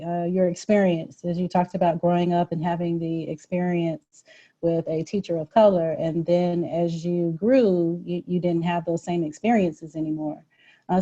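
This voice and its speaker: A woman moderating a panel discussion, keeping time and asking measured questions. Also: on the low side, warm tone, dull audio.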